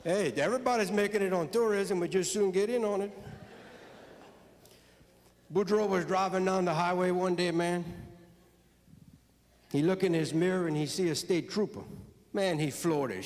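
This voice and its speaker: A man's voice: sits high, moderate pace, pauses often, a little mellow. A man with a Cajun accent telling jokes on stage to a live audience in a folksy, drawling way. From South Louisiana. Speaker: storyteller and comedian. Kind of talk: stand-up joke telling. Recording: long hall reverb.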